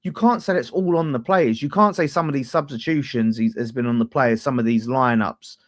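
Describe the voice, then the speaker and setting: A man's voice: mid-range voice, fairly quick. A man, hosting a fan channel and arguing about football in a casual, sweary debate. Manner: animated, swears freely, talks over others.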